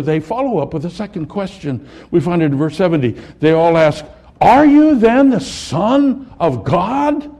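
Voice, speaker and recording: Animated preacher, a man with a mellow voice. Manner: dramatic swings between loud emphasis and hushed low delivery. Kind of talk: sermon.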